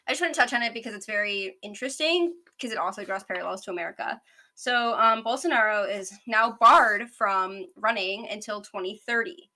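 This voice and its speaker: Fast-talking woman in her twenties. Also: medium pitch, pushed and bright. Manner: fast, rambling, self-aware talker. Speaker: podcast host. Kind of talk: casual news chat.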